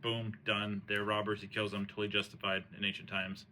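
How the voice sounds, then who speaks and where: A man's voice: fairly low pitch, monotone, a little fast, pushed and bright, slight background noise. A man retelling an old tragedy in a casual, rambling way, full of slang, fillers and restarts. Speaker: host retelling a play. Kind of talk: casual storytelling chat.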